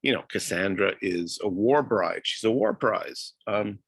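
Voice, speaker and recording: A man's voice: on the low side, expressive, measured pace, vocal fry, breathy edge, no echo. A man giving a university lecture, hesitant, with many fillers and restarts.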